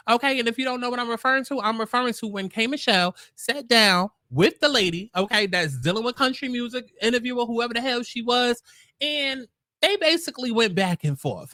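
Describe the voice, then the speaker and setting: Woman commentary host, sassy clap-back delivery, bright voice in a dead-dry room. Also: on the high side, no room sound. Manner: sassy, repetitive, confrontational. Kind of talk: casual commentary rant.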